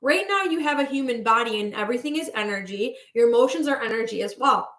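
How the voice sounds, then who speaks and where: A woman's voice: on the high side, lively intonation, fast talker, a bit bright. Chatty woman coach in an echoey room. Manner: breezy, chatty, greets viewers, casual swearing. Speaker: manifestation coach. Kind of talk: casual livestream coaching talk.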